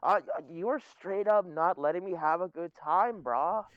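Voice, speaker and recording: A man's voice: high-pitched, normal speed, smooth, no room sound, narrow, tinny audio. A young man co-hosting a podcast, joking and laughing through casual banter. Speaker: podcast co-host. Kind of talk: casual chat.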